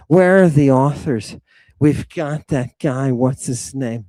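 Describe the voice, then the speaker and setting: A man hosting a dramatic lecture, swinging from hushed asides to ranting, and swearing freely. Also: medium pitch, slow pace, no echo. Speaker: host lecturing on ancient texts. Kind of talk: dramatic lecture to an online audience.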